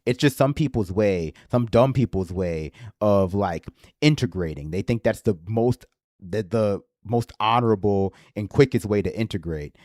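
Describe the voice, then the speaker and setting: A man's voice: lowish voice, moderate pace, a little mellow, no echo, studio quality. A man hosting a livestream in casual political commentary, with a slight lisp and a sarcastic, rambling manner that swears freely. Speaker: livestream host.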